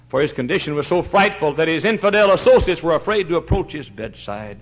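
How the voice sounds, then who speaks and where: A man's voice: mid-range voice, brisk, few pauses. Fiery preacher man, lo-fi. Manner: fiery preaching, swings from shouts to hushed tones. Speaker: pastor. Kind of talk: sermon. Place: church sanctuary. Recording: dull lo-fi recording.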